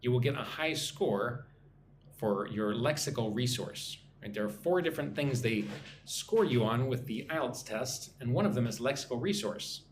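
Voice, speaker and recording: A man teaching an English lesson on a live stream, talking slowly and checking in with "right?" after his points. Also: medium pitch, expressive, a little hiss or hum. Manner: slow, repeats points with frequent "right?". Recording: echoey room, faint ambience.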